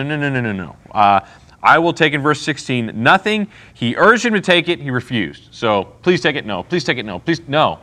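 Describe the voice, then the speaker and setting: Bright-voiced man teaching a Bible class. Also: mid-range voice. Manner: casual, paraphrases scripture in slang; asks the class questions.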